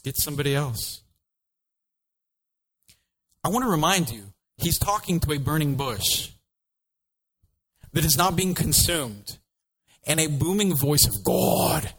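Male pastor, sermon delivery, lively and humorous, plays the characters. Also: a little high, a little slow, long pauses, husky, low-quality recording. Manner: lively, joking, acts out voices of biblical figures.

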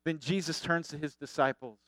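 A middle-aged man preaching a sermon as a pastor, conversational and animated, acting out the people he quotes. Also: fairly high pitch, brisk, no room sound.

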